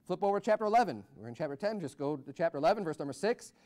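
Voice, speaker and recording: An American man preaching a sermon as pastor, swinging from loud, rising peaks to low asides. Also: lively intonation, very fast. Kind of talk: fiery Baptist sermon.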